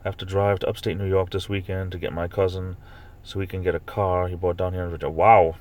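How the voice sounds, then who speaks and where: A man hosting a casual live stream, chatting with viewers and reading comments aloud. He rambles with fillers and restarts and jumps into high-pitched mock outrage when he rants. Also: level tone, fast, darkish tone.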